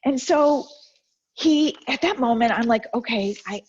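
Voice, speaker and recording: Over dull, lo-fi video call audio, a middle-aged woman gives a motivational talk as a guest speaker. Her high voice is slightly rough and a little slow, and she's a lively storyteller who shares personal stories and acts out the exchanges she quotes.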